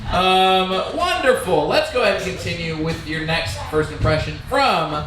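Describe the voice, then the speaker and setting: A man hosting a live comedy game show, firing off quick jokes between the acts. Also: high voice, lively intonation, far from the mic. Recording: echoey live bar, loud crowd and noise.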